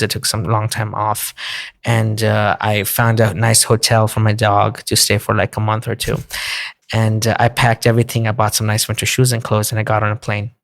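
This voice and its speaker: Guy on a podcast telling a trip story, flat monotone, lots of ums and likes. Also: on the low side, gravelly. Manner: flat, unhurried storytelling with fillers. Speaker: podcast guest. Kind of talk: casual storytelling.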